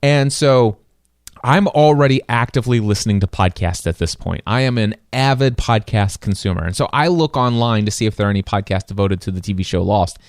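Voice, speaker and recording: A man hosting a podcast, telling a story in an animated, excitable way with many restarts. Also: lowish voice, brisk, no echo, studio quality. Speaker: podcast host. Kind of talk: casual storytelling chat.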